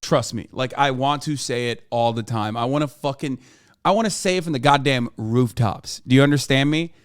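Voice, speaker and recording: A man's voice: mid-range voice, normal speed, smooth, no echo. A man streaming casually, reacting with blunt, profane commentary into a close mic.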